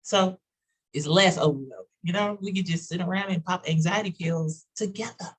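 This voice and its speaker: A woman with a Texas accent, talking quickly with lots of fillers in a casual group video chat. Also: fairly low pitch, slightly rough, poor audio. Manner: fast-talking, fillers and run-on sentences. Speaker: roundtable participant.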